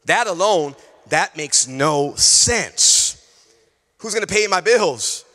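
A male pastor preaching a sermon, telling a personal story in an animated way, acting out conversations and repeating key phrases. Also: high-pitched, slow, in a large hall. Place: church sanctuary.

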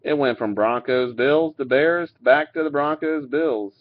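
In a mid-range voice, a man offers loose, unhurried commentary on his card-pack openings, speaking slowly and easily. He reads out the cards with the occasional curse and chuckle, and his webcam mic sounds dull and lo-fi.

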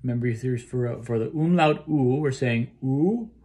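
A choir director with a warm, unhurried, medium-pitched voice coaches his choir on phrasing during a rehearsal. He explains each line, then sings it to demonstrate. It's a solo recording made for a rehearsal video.

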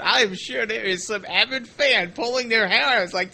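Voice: medium pitch, a little fast, vocal fry, few pauses, bright, forceful tone. A podcast co-host joking wryly in casual conversation. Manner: joking, wry. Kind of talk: casual chat.

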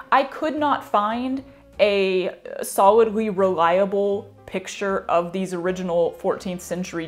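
A woman hosting an embroidery vlog, talking casually in a chatty, self-deprecating, rambling way. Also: mid-range voice. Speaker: embroidery channel host. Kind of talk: casual vlog talk to camera.

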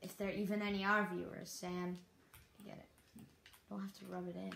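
A young Canadian speaker giving rambling, apologetic let's-play commentary while building in a survival game. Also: female voice, medium pitch, little pitch movement, moderate pace, vocal fry, long pauses, a bit bright. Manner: rambling, self-deprecating, apologetic. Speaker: gaming YouTuber. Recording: echoey room with faint noise.

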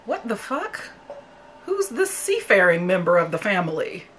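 Young woman, film reaction host, hugely swinging pitch, talks back at the screen, home mic with steady noise. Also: normal speed. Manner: animated, swearing, laughing, talking back at the screen. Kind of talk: casual movie reaction commentary.

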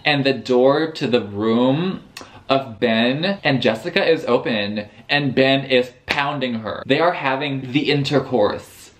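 A man chatting casually as a book vlogger, recapping a novel with sarcastic, animated storytelling. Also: medium pitch, takes it slowly, slight background noise. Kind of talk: casual book review chat.

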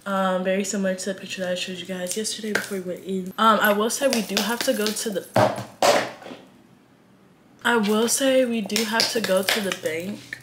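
A woman's voice: medium pitch, heavy background noise. A twenty-year-old woman from Atlanta with a Southern accent, chatting dramatically to camera in a vlog, full of slang. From Atlanta, Georgia. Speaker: vlogger. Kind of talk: casual chat to camera.

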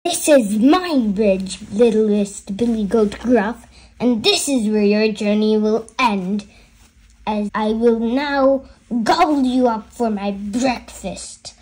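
A woman voicing a menacing, hungry male troll in a storybook reading, speaking slowly, loudly and with a sinister edge. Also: mid-range voice, natural voice. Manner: slow, loud and sinister.

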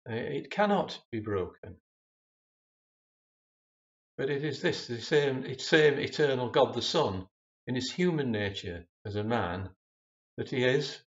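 Man preaching real slow and solemn, kinda dull lo-fi sound. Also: medium pitch. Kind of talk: sermon.

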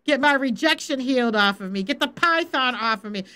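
A woman faith coach giving informal Bible teaching, animated, laughing and acting out quotes as she talks. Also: high-pitched, a little fast, clear, resonant tone.

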